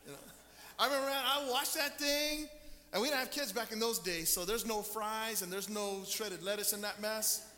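Man, pastor, sermon, storytelling, high pitch, long hall echo. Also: moderate pace, pushed and bright. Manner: storytelling, acts out quoted people. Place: church sanctuary. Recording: long church reverb.

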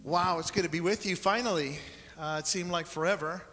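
A pastor in his forties preaches a sermon in a church sanctuary, folksy and joking with his congregation. His voice sits high and moves briskly, with music in the background and the long reverb of a church hall.

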